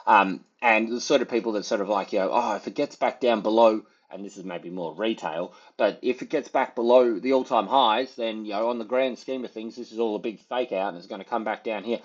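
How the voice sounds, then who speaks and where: A man's voice: lowish voice, brisk, few pauses, breathy edge, highs cut off. A man, giving casual, rambling market commentary as a trader, full of fillers and hedges. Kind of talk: casual market analysis over charts.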